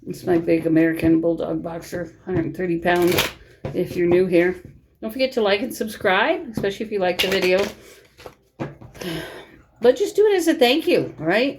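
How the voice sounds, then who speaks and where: A woman's voice: on the low side, a little hiss or hum. A woman giving a casual tarot reading to camera from her bedroom at home. She talks in a chatty, reassuring way and keeps checking in with listeners. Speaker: tarot reader.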